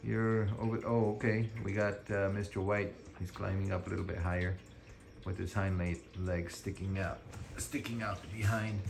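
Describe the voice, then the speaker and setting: Gravelly low-voiced man, noisy home video. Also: little pitch movement, normal speed. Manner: chatty, talks fondly to the puppies with fillers. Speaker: dog breeder. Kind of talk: casual vlog narration.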